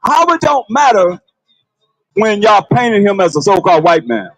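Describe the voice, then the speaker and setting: A man's voice: high-pitched, very animated, normal speed, no echo, low-quality recording. A man preaching outdoors on a city street, confronting and calling out to passersby.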